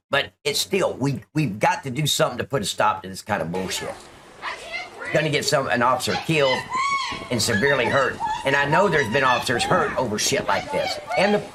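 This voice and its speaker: A man's voice: mid-range voice, very noisy. A middle-aged man reacting to a police video, indignant and sarcastic, swearing often. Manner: indignant, profane, sarcastic ranting. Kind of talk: reaction commentary.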